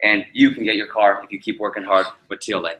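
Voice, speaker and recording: An energetic man coaching a room on public speaking. His voice is bright and forceful, and it echoes off the walls of an indoor training room with faint ambience in the background. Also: on the low side, fast talker. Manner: energetic, quizzes the audience. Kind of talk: training seminar talk.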